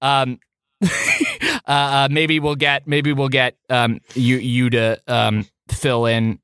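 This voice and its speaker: A man's voice: mid-range voice, very animated, slow, a bit bright, clean tone, no echo, clean studio sound. A young man co-hosting a comedy podcast, joking dryly and hesitating with fillers. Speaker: podcast co-host. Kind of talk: casual comedic chat.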